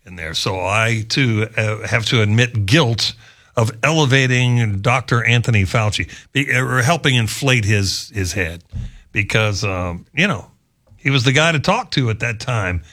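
A man's voice: fairly low pitch, fairly bright tone. A man hosting a talk radio show, speaking casually and sarcastically, with mocking asides. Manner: sarcastic, conversational, mocking impressions.

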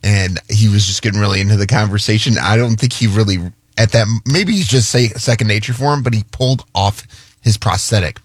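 A man's voice: lowish voice, husky, no echo, studio quality. Man rambling through a story on radio. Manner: rambling anecdote with halting restarts. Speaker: radio co-host. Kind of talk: casual radio banter.

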